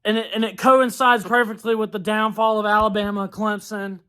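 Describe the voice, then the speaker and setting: A man's voice: high voice, little pitch movement, normal speed, bright, forceful tone, clean tone. A young man venting in a halftime rant, exasperated and swearing often. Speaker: sports vlogger.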